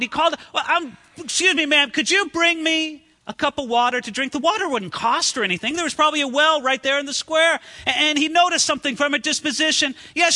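A man preaching a sermon in an animated way, acting out the voices in the story he tells. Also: very high-pitched, long reverb tail. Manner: animated, acts out quoted voices.

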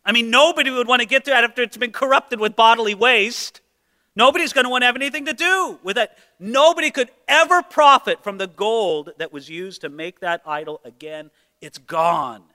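A pastor delivering an emphatic sermon full of rhetorical questions and dramatized quotes. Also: male voice, very high voice, lively intonation, fairly quick, bright, forceful tone, in a large hall.

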